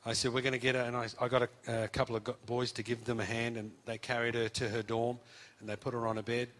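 A man's voice: medium pitch, fast. A man, preaching and telling a testimony story, acting out the voices of the people in it. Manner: animated, acts out quoted voices.

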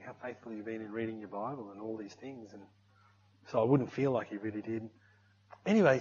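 Husky-voiced Australian man telling his testimony. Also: medium pitch, a little mellow, dull audio. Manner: conversational storytelling, growing emotional and exclamatory. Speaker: speaker giving testimony. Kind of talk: personal testimony.

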